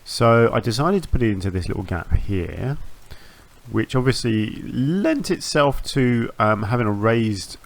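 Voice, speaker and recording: A man hosting a gaming channel, talking through a zoo-building game in a relaxed, rambling way, often restarting phrases and filling pauses with ums. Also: on the low side, creaky. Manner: rambling, self-correcting, with frequent ums and restarts. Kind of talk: relaxed gameplay commentary.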